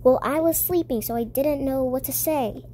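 A woman's voice: sits high, normal speed, mellow, a little hiss or hum, close to an everyday voice. Girl playing a tired, firm mom. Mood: dismissive. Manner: weary, matter-of-fact. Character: tired, firm mother of two kids. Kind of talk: toy-game role-play.

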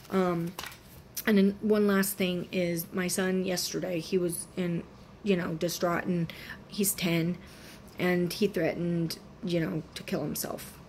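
A woman's voice: lowish voice, darkish tone, a little hiss or hum. Earnest preachy woman, sick with a sore throat. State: feverish with a swollen throat. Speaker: Christian vlogger. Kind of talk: casual faith vlog talk.

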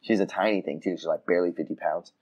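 A man on a casual podcast, telling a story with lively voices for the people in it. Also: low-pitched, quick pace, husky, muffled recording. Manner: animated storytelling, acts out voices, frequent restarts. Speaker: podcast co-host. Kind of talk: casual chat. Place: room outside the usual studio.

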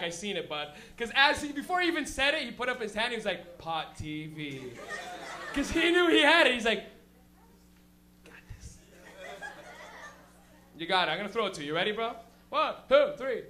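Animated, foul-mouthed male comic, high voice. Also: fast, few pauses. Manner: animated, profane, laughs often, shouts for effect. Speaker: stand-up comedian and show host. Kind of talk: stand-up comedy. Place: live comedy club stage.

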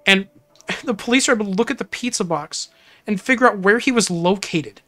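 A woman's voice: mid-range voice, a little fast, fairly bright tone, faint music behind. Giggly, rambling woman streamer. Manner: giggly, rambling, easily flustered. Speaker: game streamer. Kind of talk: casual livestream chat.

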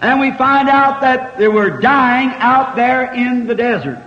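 Fervent high-pitched preacher, middle-aged man, old dull tape with long hall reverb. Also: animated, a little slow. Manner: fervent, swinging from quiet asides to shouted cries. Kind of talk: revival sermon.

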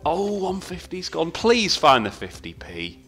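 Male slots host, bright edgy voice, rambling excitable commentary full of swearing, some game music underneath. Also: a little high, a little slow. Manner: excitable, swears a lot, talks to himself and shouts at the game. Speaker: slot video host. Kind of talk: casual commentary while playing slots.

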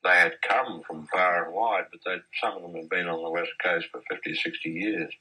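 A man telling measured stories about his years as a mine boss in an archive interview. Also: sits low, fairly even intonation, pushed and bright, husky, low-quality recording. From Australia. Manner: measured, anecdotal, with occasional restarts. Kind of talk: reminiscing storytelling in an interview.

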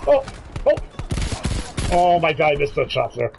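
A man giving live commentary on his own shooter game, excitable, swinging between quiet muttering and high yelps and pleading. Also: unhurried, vocal fry, noisy background. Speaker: gaming streamer. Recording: gunfire and game sounds behind the voice.

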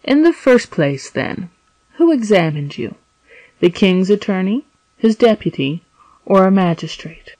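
A woman reading the part of a shrewd elderly male priest in prison, asking calm, probing questions in a measured way. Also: mid-range voice, no echo, rough recording. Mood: questioning.

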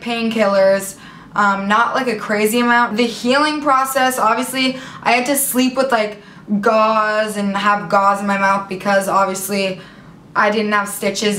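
A woman's voice: on the high side, a little hiss or hum. A young woman vlogger telling a story to camera in a casual, dramatic way, full of "like" fillers. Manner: animated, dramatic retelling with many "like" fillers. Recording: echoey room.

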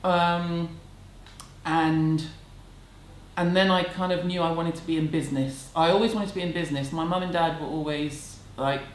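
A woman's voice: low-pitched, steady tone, moderate pace. A woman, answering viewer questions at home in a candid, chatty, self-deprecating way. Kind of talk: casual chat. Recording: echoey room, faint background hum.

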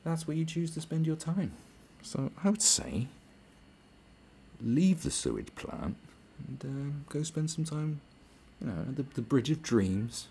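A man's voice: fairly high pitch, sing-song, unhurried, gravelly, warm tone, a little hiss or hum. A British man hosting a podcast, delivering a sarcastic, profane rant. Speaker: podcast host. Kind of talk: podcast monologue.

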